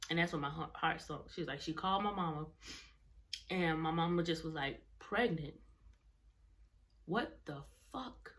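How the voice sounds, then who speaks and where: A woman's voice: sits low, steady tone, brisk, fairly bright tone. A young adult woman vlogger telling a personal story in casual, rambling talk, often correcting herself mid-sentence. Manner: rambling, self-correcting, colloquial.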